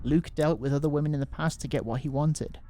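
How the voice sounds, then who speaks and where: A man's voice: a little high, fast, mellow, faint music behind. A man hosting a gaming video, reading a story game's narration aloud and chuckling between lines. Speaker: gaming host.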